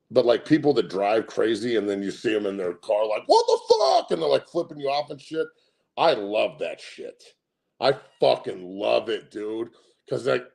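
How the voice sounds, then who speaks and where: Gravelly, brash, profane host. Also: male voice, on the low side. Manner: loud, brash and profane, laughs often. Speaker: sports show host. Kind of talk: profane casual sports commentary.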